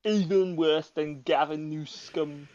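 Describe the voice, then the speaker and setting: A man doing an impression of a gruff bodybuilder-turned-governor over a call, with clipped deadpan delivery. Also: fairly high pitch, slow, dry recording. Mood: boastful. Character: gruff bodybuilder-actor ex-governor, male, middle-aged. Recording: dull call audio.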